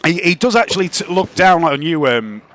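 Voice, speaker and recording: A man narrating and running a tabletop role-playing game in a relaxed way, with fillers. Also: fairly high pitch, brisk. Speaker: game master.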